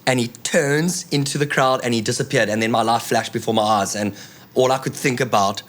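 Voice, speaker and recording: A man in his thirties, a podcast guest telling a long, animated story, rambling with lots of "like" and acted-out quotes. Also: mid-range voice, brisk. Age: 30s.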